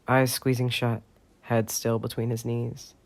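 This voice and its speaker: A man's voice: medium pitch, little pitch movement, unhurried, dry recording. A man narrating a fan fiction audiobook expressively, with chatty asides to listeners.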